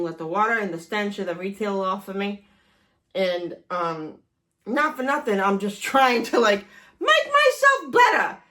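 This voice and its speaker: A woman's voice: medium pitch, a bit bright. A woman in her forties telling a personal story in a casual vlog, self-deprecating and swearing often. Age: 40s. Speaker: vlogger.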